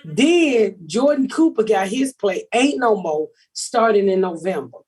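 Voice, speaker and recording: Brash, husky-voiced woman comic host. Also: mid-range voice, animated, measured pace, darkish tone. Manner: brash, profane storytelling. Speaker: podcast host. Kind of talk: casual comedic chat.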